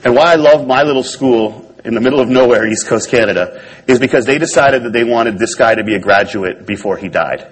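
A man's voice: medium pitch, fairly quick, slightly rough, poor audio. A man on stage telling a personal story to an audience in a wry, self-deprecating way. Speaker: speaker giving a talk.

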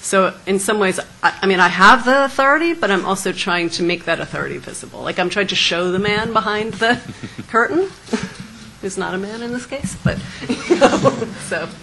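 Woman artist at a panel, gravelly bright tone, faint noise behind, reflective and halting. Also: medium pitch, lively intonation. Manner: thoughtful, hesitant, laughs lightly. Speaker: artist presenting her work. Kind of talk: panel discussion answer.

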